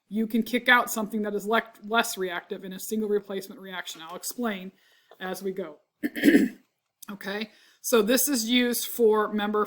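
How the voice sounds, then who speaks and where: Congested and repeatedly clearing her throat, a woman teaches chemistry in a recorded lecture. Her voice sits mid-range with a bit of brightness, and she breaks things down step by step, checking "right?" and catching her own errors.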